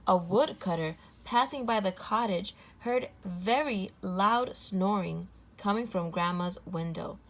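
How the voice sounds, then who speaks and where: Woman, storybook read-aloud, gentle, clear, even pacing. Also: mid-range voice, unhurried, hardly any pauses.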